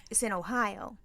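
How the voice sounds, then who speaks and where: A woman's voice: medium pitch, vocal fry, a little hiss or hum. A woman co-hosting a podcast, telling a story in casual chat and acting out the people she quotes. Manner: animated storyteller, acts out quoted voices. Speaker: podcast co-host.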